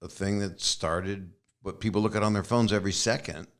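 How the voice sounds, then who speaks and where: Wisecracking low-voiced man hosting. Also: fairly quick. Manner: wisecracking, deadpan jokes. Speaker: host. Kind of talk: casual conversation.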